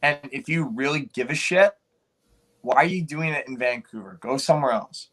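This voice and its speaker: A man's voice: medium pitch, normal speed, fairly bright tone. A young man co-hosting a casual podcast, hesitant and searching for his words. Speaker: podcast co-host.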